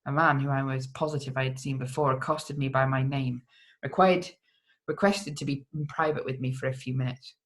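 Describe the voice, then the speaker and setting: A grave, stern nobleman from a gothic tale, as the reader puts him on. His foreign accent wanders in and out, and he speaks with weight and solemnity at an even pitch. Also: brisk, lightly acted. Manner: put-on foreign accent that keeps slipping. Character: stern nobleman, a man back from prison. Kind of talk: audiobook character voice.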